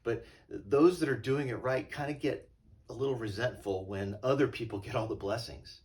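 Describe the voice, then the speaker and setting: A male pastor giving a relaxed, conversational sermon and retelling a parable. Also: medium pitch, normal speed, recorded from a distance. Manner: conversational and storytelling.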